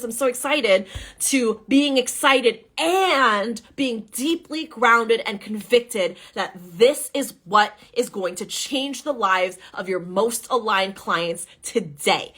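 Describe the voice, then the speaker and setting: A woman business coach talking in a podcast monologue, emphatic and often checking in with "right?". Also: medium pitch. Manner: acts out excited and doubtful voices when quoting.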